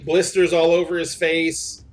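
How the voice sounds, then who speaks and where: A man acting as game master, narrating a tabletop game in a relaxed, joking way. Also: a little high, measured pace.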